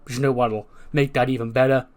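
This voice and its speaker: A man's voice: mid-range voice, flat delivery, fast, lightly acted. A man voicing a cocky young male wrestler who brags and mocks his rivals. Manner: boastful, mocking.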